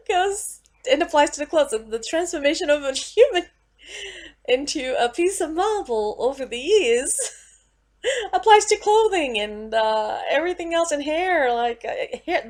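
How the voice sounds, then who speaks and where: Woman vlogger, slightly high voice, unhurried delivery; profane, exasperated home rant. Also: a little mellow. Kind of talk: ranting home vlog.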